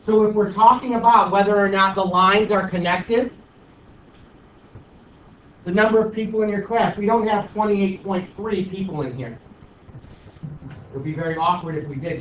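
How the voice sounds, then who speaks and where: High-voiced man rousing his math class. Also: distant mic, a little hiss or hum. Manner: animated, teasing, exhortative. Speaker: high school math teacher. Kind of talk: classroom pep talk and review. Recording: echoey dull classroom recording from afar.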